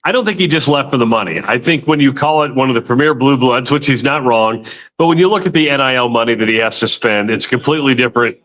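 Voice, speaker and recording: A man's voice: mid-range voice, fast talker, fairly bright tone. A man hosting a sports radio show, talking casually and with strong opinions, often repeating a word as he starts a thought. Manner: opinionated, loose, repeats words when starting.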